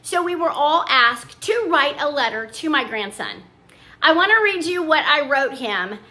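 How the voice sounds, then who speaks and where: A woman's voice: high voice, animated, measured pace, pushed and bright. An older woman chatting casually at home as a vlogger, homey and talkative, drifting into little asides. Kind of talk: casual chat.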